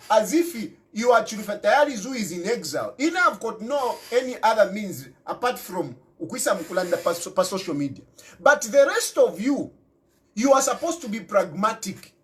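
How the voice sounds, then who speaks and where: A Zambian man speaks in a markedly high, lively register, with Zambian-accented English and local phrases mixed in. He pushes his political argument hard, repeating lines again and again for force. The delivery is a passionate, rambling monologue. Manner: repetitive, emphatic, mixes English with local phrases. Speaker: political commentator.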